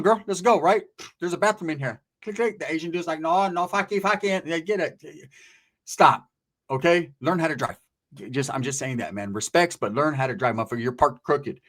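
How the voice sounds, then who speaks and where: A middle-aged man telling a crude, slangy story as a podcast host, acting out the other people's lines as he goes. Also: a little high. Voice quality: scraggly-bearded street talker, slangy. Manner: animated, profane, acts out voices in his stories. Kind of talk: profane storytelling commentary.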